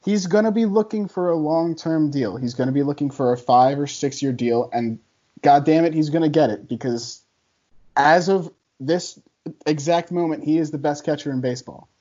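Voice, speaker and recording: A man arguing a contrarian take on a casual podcast, chatty and quick to laugh. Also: a little high, dark tone, highs cut off. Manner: chatty, laughs often, argumentative. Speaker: podcast guest debater.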